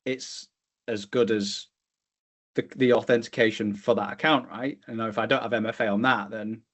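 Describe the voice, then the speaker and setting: A man's voice: lowish voice, steady tone, normal speed, fairly bright tone. Man explaining with many restarts. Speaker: podcast co-host. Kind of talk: casual tech discussion.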